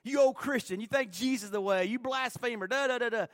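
A man's voice: extremely high pitch, quick pace, dry recording, clean studio sound, voice pushed up. A man preaching and acting out a hateful young man taunting and chanting at a stoning. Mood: jeering.

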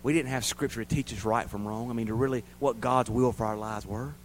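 A man preaching a sermon as a pastor to his church, rising loud and high, then dropping quiet and low. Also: fairly even intonation, brisk, a little hiss or hum, low-quality recording.

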